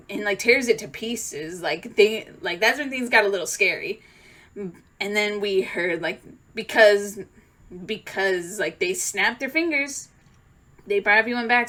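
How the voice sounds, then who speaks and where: A young woman telling a rambling, emotional story-time vlog, full of fillers and restarts, swinging from loud excited outbursts to quiet near-tearful talk. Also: medium pitch. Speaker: vlogger.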